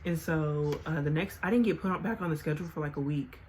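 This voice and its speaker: A woman's voice: deep voice, fast, darkish tone, slight background noise. A young woman vlogger casually telling a story, chatty and full of filler words.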